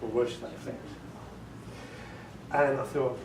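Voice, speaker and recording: A man's voice: medium pitch, fairly even intonation, a little slow. A middle-aged Englishman, a voiceover artist, telling jokey stories and answering questions at a meeting. His manner is chatty and he laughs often. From England. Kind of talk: storytelling talk with audience questions. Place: meeting room with an audience. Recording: roomy distant recording with background noise.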